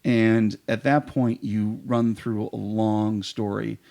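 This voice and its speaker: Gravelly guy rambling on eagerly in a podcast chat about improv, lots of ums. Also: lowish voice, level tone, slow pace, mellow. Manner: eager, rambling storyteller with fillers. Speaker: improv performer guest.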